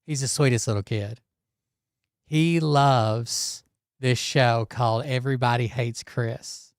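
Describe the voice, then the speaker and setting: A man's voice: mid-range voice, steady tone, slow, no echo, studio quality. A man hosting a commentary show, talking casually in a blunt, profane and sarcastic manner. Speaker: commentary channel host.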